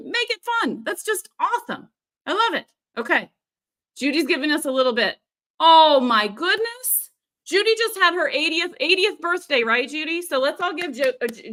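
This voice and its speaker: A woman's voice: high-pitched, bright, forceful tone. A woman coaching an audience on a live stream, upbeat and chatty, often checking in with "okay?" and answering viewer comments. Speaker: business coach hosting a livestream.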